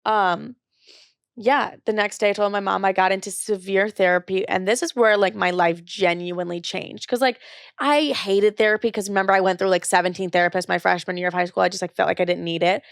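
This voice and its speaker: Young female podcast host, twenties, gravelly fry, candid confessional delivery, casual filler-heavy. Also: medium pitch, fairly even intonation, a little fast, no echo, clean studio sound. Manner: candid, confessional, says "like" often. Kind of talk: personal storytelling.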